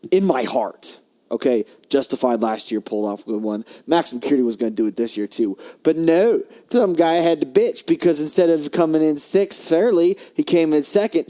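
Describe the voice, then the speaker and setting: A young podcast host delivers a heated monologue laced with profanity. His rant lurches between loud outbursts and low muttering.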